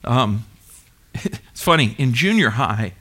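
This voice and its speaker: A man's voice: mid-range voice, slow. A middle-aged man preaching a sermon as pastor, emphatic and engaging, questioning his congregation and waiting for answers. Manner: animated, emphatic preaching with call-and-response questions.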